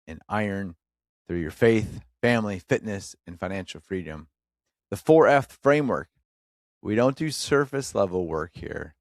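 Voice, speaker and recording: A man's voice: on the low side, no room sound, clean studio sound. A man hosting a faith-based motivational podcast, speaking earnestly in short emphatic phrases and addressing the listener as a brother. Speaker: podcast host.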